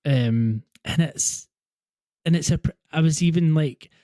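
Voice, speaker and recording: A man co-hosting a podcast in a measured, agreeable way. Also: fairly high pitch, mellow, no echo. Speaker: podcast co-host. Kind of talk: casual chat.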